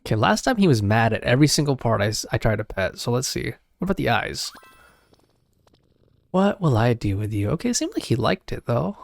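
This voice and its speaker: Man, casual gameplay commentary, gravelly, lively pitch, dry close sound. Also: a little fast, no room sound. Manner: chatty, musing aloud with restarts. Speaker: gameplay streamer.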